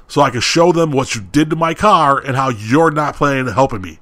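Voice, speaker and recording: A man's voice: medium pitch, lively intonation, moderate pace. Man ranting through a heated story. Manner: heated, ranting retelling with quoted shouting. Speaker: podcast co-host. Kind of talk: casual storytelling.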